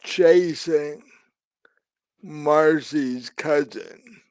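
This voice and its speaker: A man's voice: fairly high pitch, extremely slow, darkish tone, no room sound. A man narrating as game master of a tabletop game, hesitant with many fillers and restarts.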